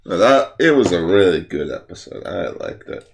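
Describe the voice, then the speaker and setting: A young man co-hosting a casual podcast, relaxed and joking. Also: deep voice, normal speed, gravelly, slight background noise. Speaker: podcast co-host. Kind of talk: casual chat.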